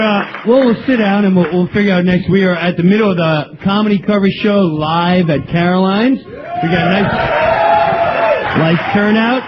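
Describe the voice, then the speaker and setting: A man's voice: high-pitched, highs cut off. A man hosting a live comedy show on stage, chatty and crude, laughing mid-sentence. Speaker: show host.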